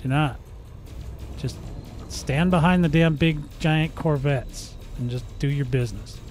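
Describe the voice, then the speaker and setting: Over soft background music, a man with a slightly high, darkish voice talks at an unhurried pace. He hosts a gaming channel, joking and playing around in live commentary as he plays, complete with mouth-made gun sounds.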